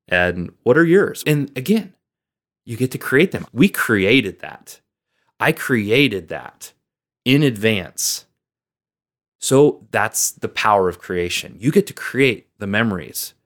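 A man with a somewhat low voice hosts a motivational podcast. He speaks as a coach, earnest and encouraging, leaning into his words with lively emphasis.

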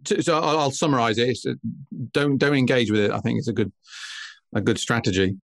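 A male interview host who talks calmly, summing up and affirming what his guest says. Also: mid-range voice, a little fast, creaky, no echo.

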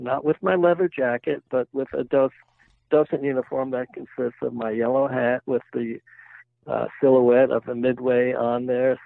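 A man's voice: medium pitch, gravelly, no room sound. An older retired man telling jokes and stories in a chatty interview. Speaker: guest, retired volunteer museum-ship guide. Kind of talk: casual interview storytelling. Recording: tinny phone-like line, dry.

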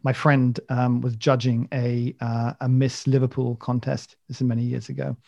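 A man hosts a casual chat, rambling from one story to the next with jokey enthusiasm. His voice has a gravelly edge. The sound is dry and slightly muffled. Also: medium pitch, flat delivery, normal speed, dark tone, no echo. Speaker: podcast host.

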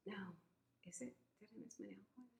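A woman's voice: medium pitch, fast talker, gravelly, a little mellow. A woman guest in a casual chat, talking in a rambling, emotional way with many fillers and laughs. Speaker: guest, gym member sharing her story. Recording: roomy echo.

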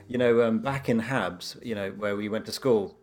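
A man telling personal stories in a casual conversation, animated and full of fillers like "you know". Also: on the low side, soft background music. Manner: fast, animated storytelling with many fillers.

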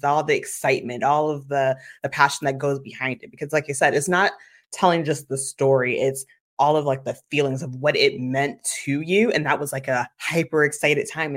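A woman marketing consultant speaking as a podcast guest, animated and chatty, often dropping "like" into her sentences. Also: sits low. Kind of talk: conversational interview.

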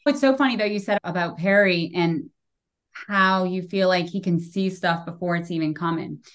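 A woman's voice: lowish voice, normal speed. A woman in her forties hosting a podcast, talking frankly and emphatically and swearing casually. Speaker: podcast host. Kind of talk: casual conversation.

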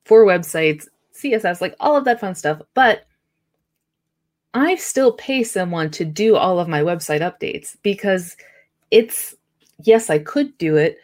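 Woman podcast host, kinda low voice, easygoing chat, lots of "right"s. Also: expressive, measured pace, a little mellow. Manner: conversational, affirming with short backchannels.

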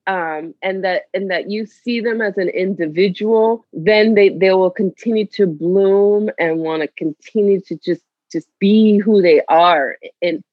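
A woman's voice: medium pitch, no room sound. A woman in her forties talks through her parenting stories in a loose, looping way, laughing easily and circling back on her words. The recording is dry and a bit dull. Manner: warm, rambling, laughs often, many restarts. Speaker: parent sharing advice. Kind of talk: casual conversation.

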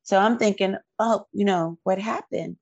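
A woman's voice: mid-range voice, normal speed, a little mellow, dry recording, lo-fi sound. A woman guest on an interview, earnestly telling a heartfelt story about her child. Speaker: guest parent.

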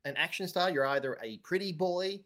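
A man's voice: high-pitched, fairly quick, fairly bright tone. A man co-hosting a podcast, chatting about film history at length with a teasing streak. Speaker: podcast co-host. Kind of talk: casual film chat.

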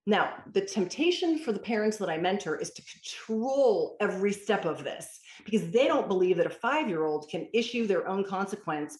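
A woman's voice: mid-range voice, a little mellow. Emphatic woman parenting mentor, roomy sound. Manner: emphatic, storytelling with quoted dialogue. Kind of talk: interview answers. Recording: roomy echo.

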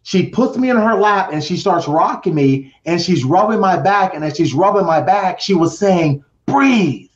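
A man's voice: sits high, lively intonation, normal speed, hardly any pauses. A middle-aged man telling his personal story with drama as a podcast guest, acting out voices and counting down. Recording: roomy, dull lo-fi sound.

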